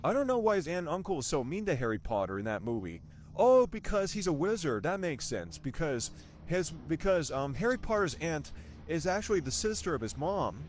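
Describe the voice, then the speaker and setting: Rambling young man, lively pitch. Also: slight background noise. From United States. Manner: meandering, with frequent restarts and rhetorical questions. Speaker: vlogger reviewing a movie. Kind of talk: rambling casual movie review.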